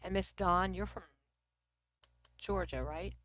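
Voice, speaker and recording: Taking it slowly in a lowish, somewhat bright voice, this middle-aged woman from Texas hosts a casual livestream and reads comments at her computer. She has a Texan accent, sometimes lowers to a near whisper, and the recording is dry.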